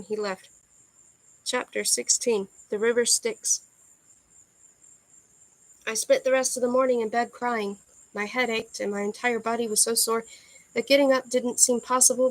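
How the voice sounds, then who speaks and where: A woman reads a first-person novel aloud in a soft, earnest storytelling manner. Her voice sits a little high. The recording is dry and close, with no room echo. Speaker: audiobook reader.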